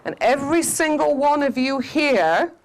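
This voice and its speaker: A woman's voice: sits high, lively intonation, a little slow, low-quality recording. Woman giving a spiritual talk. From Scotland. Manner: storytelling, asks the audience questions. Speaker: spiritual teacher. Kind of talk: talk to a live audience.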